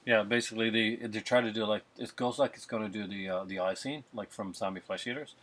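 A man's voice: on the low side, fairly even intonation, fast, a bit bright. A man co-hosting a podcast who gives blunt, opinionated film commentary and laughs often. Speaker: podcast co-host. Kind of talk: casual film review chat.

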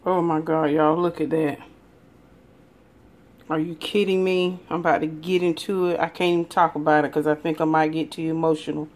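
A woman's voice: sits low, level tone, normal speed, a little mellow, slight background noise. A woman, chatting casually with viewers in a folksy cooking and eating vlog from her home kitchen. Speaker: cooking vlogger.

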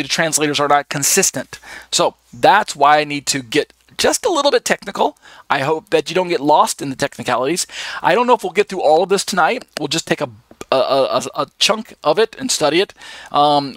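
A man leads a live online Bible study, his voice a little higher than most and recorded close and dry. He works patiently through his notes, pausing on fillers as he reads one item after another. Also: fairly bright tone, dry recording. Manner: methodical, reads list aloud with many fillers. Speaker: Bible teacher.

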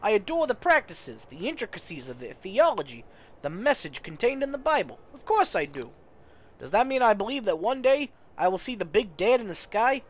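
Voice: medium pitch, very animated, a little fast, pitched above the performer's own voice. A player voicing a cynical young vampire woman who talks in a profane, sarcastic way. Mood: wry. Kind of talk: voicing game dialogue.

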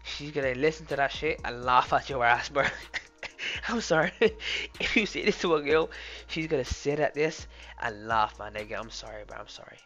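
A young man streaming live and reacting loudly, laughing and often saying "oh my days" and "bro". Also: medium pitch, lively intonation, moderate pace. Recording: dull lo-fi sound with faint music. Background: faint background music.

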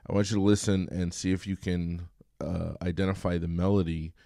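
A man giving a recorded college music lecture in a relaxed, chatty way, singing short examples. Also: deep voice, fairly quick, vocal fry, no room sound, clean studio sound.

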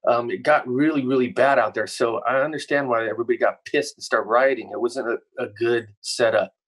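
A man, a musician guest on a podcast, telling stories in a laid-back, relaxed way. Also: mid-range voice, brisk, husky. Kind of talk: casual chat.

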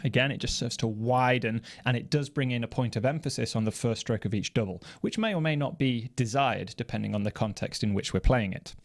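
A man explaining drum technique in a measured, precise, methodical way. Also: medium pitch. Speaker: drum teacher. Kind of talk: instructional explanation. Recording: loud noise from snare drum playing. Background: snare drum playing.

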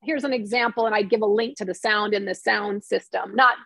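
A middle-aged woman, a guest on an interview show, telling stories in lively casual chat and acting out the lines of people she quotes. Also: mid-range voice, a little fast, vocal fry, no echo. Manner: animated storytelling, acts out quoted dialogue. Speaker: interview guest, novelist and screenwriter.

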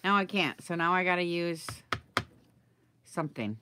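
Low-voiced rambling woman crafting on camera. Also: lively intonation, normal speed, background noise. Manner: rambling, thinks aloud, asks viewers for advice. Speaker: craft video maker. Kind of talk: chatty live crafting video.

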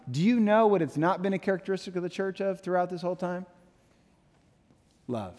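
A man in his thirties preaching a sermon, animated, with playful asides and quotes he acts out. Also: sits high, big-room sound. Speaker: pastor.

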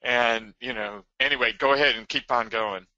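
A man's voice: medium pitch, fairly even intonation, normal speed, sharp tone, no room sound. A man hosting a live webinar, reading viewer comments aloud and affirming with frequent amens. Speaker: webinar host. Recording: dull, dry lo-fi web audio.

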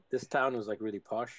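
A man's voice: on the low side, a bit bright, dry recording. A young man chatting while gaming, telling a laid-back story. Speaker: Minecraft player. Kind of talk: casual gaming chat.

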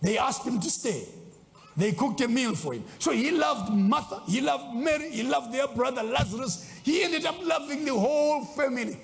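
A man preaching a sermon as a bishop, swinging between loud exclaims and low asides. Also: lively intonation, normal speed, creaky, faint music behind. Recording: long hall reverb.

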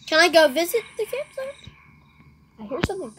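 Excitable high-voiced woman doing game commentary. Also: a little fast, long pauses, a little hiss or hum. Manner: excitable, rambling, shrieks at surprises. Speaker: gaming video host. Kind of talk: let's play commentary.

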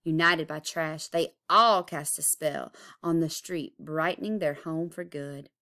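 A woman's voice: sits low, steady tone, measured pace, sharp tone. A woman, an art teacher, reading a picture book aloud expressively, chanting its rhyming refrains. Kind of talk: storybook read-aloud.

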